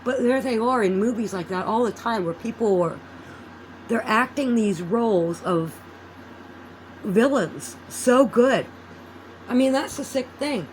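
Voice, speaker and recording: A woman with a fairly high voice talks straight to her viewers in a loose, meandering vlog. She drifts from one thought to the next, loses her place, and swears without a second thought. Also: expressive, a little slow, pauses often, slight background noise, rough recording. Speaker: vlogger. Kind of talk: casual rambling chat.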